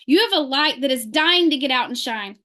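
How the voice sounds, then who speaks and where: A woman leading her sales team on a video call, giving a fervent motivational talk full of rapid rhetorical questions. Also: sits high, lively intonation, pushed and bright.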